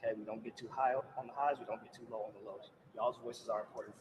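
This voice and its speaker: Brief: male coach talking quietly to players, mic far off, clear noise behind. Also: steady tone, fast talker. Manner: soft-spoken, low-key. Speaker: basketball coach. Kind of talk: team huddle speech. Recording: distant clip with background noise.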